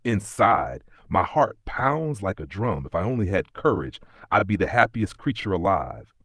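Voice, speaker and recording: A man's voice: sits low, very animated, a little slow, a bit bright, no room sound, studio quality, full character voice. A man voicing a big male lion who is a coward, speaking in a sighing, ashamed way. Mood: sheepish. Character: timid, gloomy male lion.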